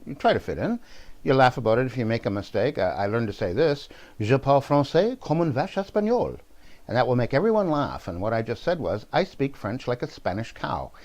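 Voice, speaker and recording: A man's voice: medium pitch, darkish tone. Rambling man vlogging opinions. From New Brunswick, Canada. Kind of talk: casual political monologue.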